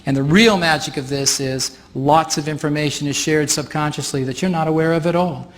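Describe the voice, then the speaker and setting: A man leads a live workshop demonstration before a stage audience, his voice on the high side and brisk. As facilitator, he explains each step in a chatty manner, often breaking into laughter.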